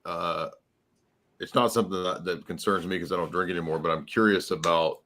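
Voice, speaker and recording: A man with a very deep voice asks a question haltingly. He pauses and searches for his words as he goes. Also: steady tone, fairly bright tone. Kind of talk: casual chat on a group stream.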